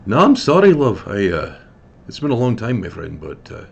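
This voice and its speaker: A man doing a loud, chummy old dwarf. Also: fairly low pitch, wildly swooping pitch, moderate pace, vocal fry, slight background noise, full character voice. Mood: friendly. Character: old male dwarf innkeeper, friendly.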